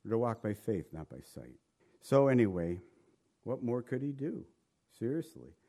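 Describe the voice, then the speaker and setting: A man of middle pitch leads an informal Bible study. He reads passages aloud and then talks them through in a plain, conversational way. He often stumbles and repeats words as he explains. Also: big pitch swings, normal speed, mellow. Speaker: Bible teacher.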